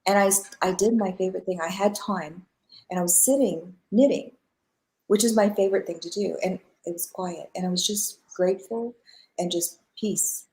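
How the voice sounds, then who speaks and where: A middle-aged woman, a guest on a spiritual talk show, telling her own stories with lively energy. She acts out the voices of the people in them and laughs often as she goes. Her voice sits at an ordinary pitch for a woman. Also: moderate pace, rough recording. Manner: animated storyteller who acts out quoted dialogue and laughs often. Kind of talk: personal storytelling in a live interview.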